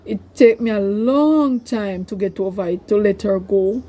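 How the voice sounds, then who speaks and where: Older woman, mellow voice. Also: medium pitch, fairly even intonation, unhurried. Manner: emotional, rambling, tearful at times. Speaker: vlogger. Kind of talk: personal storytelling to camera.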